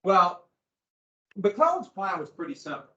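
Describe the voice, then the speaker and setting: A male history teacher lecturing in a loose, chatty way, tossing in wry asides. His voice sits a bit high for a man. The sound is dull and lo-fi in an echoey room. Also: sing-song, a little slow, sharp tone.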